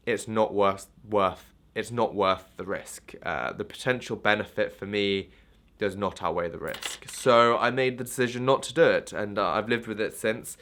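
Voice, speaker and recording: A man's voice: on the low side, pushed and bright. A young man talking candidly to camera in a casual vlog, rambling with many restarts and fillers. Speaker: vlogger.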